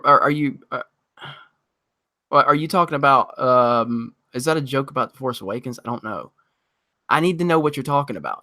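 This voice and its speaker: A man hosting a casual livestream, reading chat and ranting excitably, swearing freely as he talks. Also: medium pitch, normal speed, no echo, clean studio sound.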